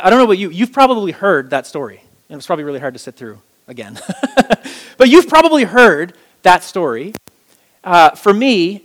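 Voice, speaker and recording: A man in his thirties, a pastor giving a conversational sermon in an animated, chatty way, with many fillers and restarts. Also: fairly high pitch.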